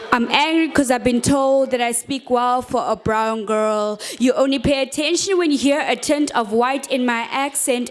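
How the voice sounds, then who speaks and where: A young woman from Africa, performing impassioned, rhythmic spoken word poetry at a rooftop bar. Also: fairly high pitch. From South Africa. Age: young adult. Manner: impassioned, rhythmic, repeating refrains.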